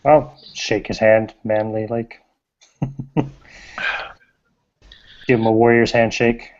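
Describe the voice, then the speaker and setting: A man at a tabletop game states his moves in a deliberate way. His voice sits at a middle pitch, and the recording sounds dull and lo-fi. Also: fairly even intonation, darkish tone. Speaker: player. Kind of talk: casual tabletop play.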